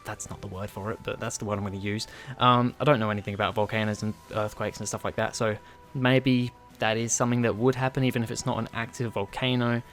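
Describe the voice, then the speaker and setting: A man's voice: fairly low pitch, steady tone, quick pace, fairly bright tone, soft background music. A man casually reviewing a TV episode in an enthusiastic, rambling, chatty way.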